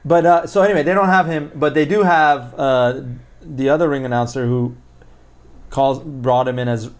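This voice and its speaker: A man co-hosting a wrestling podcast, talking excitedly and rambling, with many fillers and some swearing. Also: mid-range voice, moderate pace. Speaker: podcast co-host. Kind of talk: casual wrestling chat.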